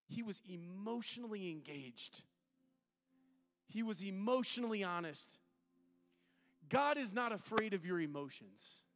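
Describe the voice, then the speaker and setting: High-voiced pastor preaching in a reverberant hall. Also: male voice, expressive, normal speed, fairly bright tone. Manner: candid, conversational preaching with dramatic dynamic swings. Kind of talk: sermon. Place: church auditorium.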